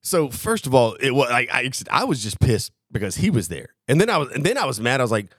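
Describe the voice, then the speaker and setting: Man co-host, casual storyteller, salty and animated, dry room sound. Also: mid-range voice, fast talker, husky, no echo. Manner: animated, swearing, acts out his own past lines. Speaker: podcast co-host.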